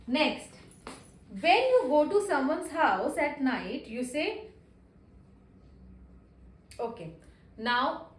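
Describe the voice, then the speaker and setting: A woman teaching a beginner French lesson, slowly repeating each word and its meaning. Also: high voice, a little hiss or hum. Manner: slow, repetitive drilling of words. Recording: echoey room, faint ambience.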